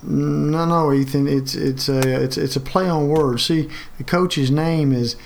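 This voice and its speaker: A man from Alabama, hosting a casual sports talk show in a halting way with many restarts. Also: a little high, fairly even intonation, gravelly, a little hiss or hum.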